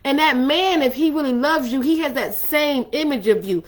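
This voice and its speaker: A woman's voice: sits high, normal speed. A woman hosting a faith-based talk on love and relationships, speaking in a conversational, emphatic, preacherly way. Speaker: ministry host.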